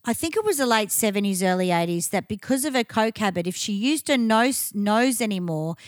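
A woman's voice: mid-range voice, lively intonation, a little fast, no room sound, studio quality. Crude Australian woman co-hosting a podcast. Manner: crude, swearing, laughing banter. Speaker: podcast co-host. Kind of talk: casual chat.

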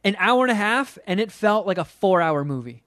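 A man's voice: high-pitched, big pitch swings, fairly quick, fairly bright tone, no room sound, studio quality. A man on a podcast ranting about a movie he hated in a casual, profane, exasperated way. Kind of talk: casual comedic movie rant.

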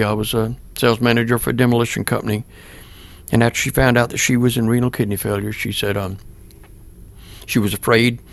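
Gravelly older man telling his story. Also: medium pitch. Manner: plain-spoken, earnest, acts out remembered dialogue. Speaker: pastor. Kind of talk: personal storytelling in an interview.

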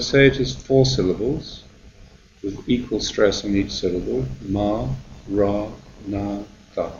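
A man who is a monk and meditation teacher gives a guided meditation talk, speaking calmly and gently with slow pauses. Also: medium pitch, creaky, lo-fi sound, slight background noise.

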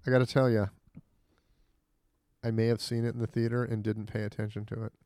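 Offhand deadpan man joking. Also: on the low side, brisk, no room sound. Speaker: podcast co-host. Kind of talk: casual banter.

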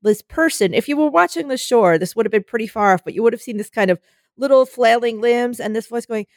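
Brief: young woman co-host, lively storyteller who acts out voices, pitched a touch high, dry close sound. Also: quick pace, no room sound. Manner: animated storyteller acting out voices, swearing. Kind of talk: casual storytelling chat.

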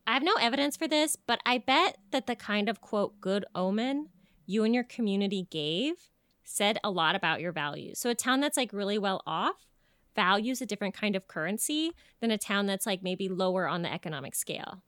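Lively, joking young woman podcaster. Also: mid-range voice, brisk, clean tone, dry recording, studio quality. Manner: animated, jokey, swearing storyteller. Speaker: podcast co-host. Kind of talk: casual podcast chat.

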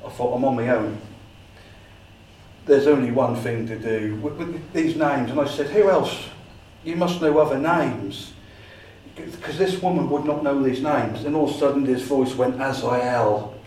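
Englishman at a society meeting, animated storyteller who acts out his own dialogue, heard from far off in an echoey room. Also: medium pitch, normal speed, slight background noise. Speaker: paranormal investigator giving a talk.

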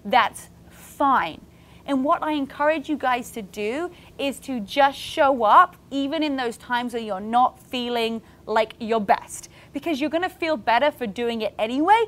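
A woman's voice: high voice, a little slow. A woman hosting a podcast, talking casually and candidly to her listeners and encouraging them, with many "like" fillers. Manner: encouraging, speaks to listeners directly. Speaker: podcast host. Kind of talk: casual motivational podcast talk.

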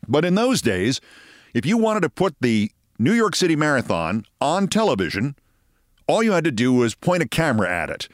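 Older guy host, wry storyteller, bouncy pitch, dead dry mic. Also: very animated, normal speed, dry recording. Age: 60s. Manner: wry, anecdotal, conversational. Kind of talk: monologue storytelling.

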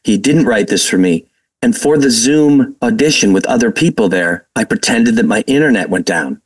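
A man from Massachusetts, a guest actor telling animated stories in a casual interview. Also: fairly low pitch, normal speed, distant mic, low-quality recording. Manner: animated, quotes people in their voices, laughs while telling stories.

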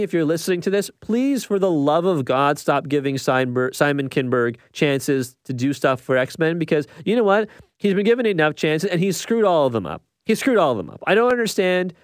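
A man's voice: on the high side, animated, normal speed, no echo, clean studio sound. A man giving an opinionated movie review, emphatic and exasperated, often checking in with tag questions.

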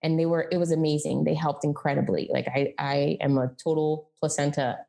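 A woman's voice: low voice, fairly even intonation, brisk, gravelly, warm tone. A woman in her thirties telling her personal story as a podcast guest, candid and chatty, with lots of "like" and "um". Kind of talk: casual conversational storytelling.

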